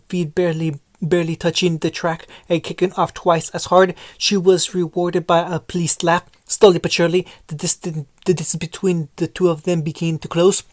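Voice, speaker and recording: Woman narrating a story, lowish dry voice. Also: dry recording. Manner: frequent stumbles and self-corrections while reading. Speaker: fan fiction reader. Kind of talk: storybook narration read aloud.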